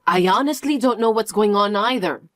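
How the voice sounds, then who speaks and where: A woman voicing a frantic middle-aged mother who pleads, pushes and keeps repeating herself, in a lower, heavier register. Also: normal speed, fairly bright tone, no echo, clean studio sound, close to an everyday voice. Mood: pleading. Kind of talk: dialogue story acting.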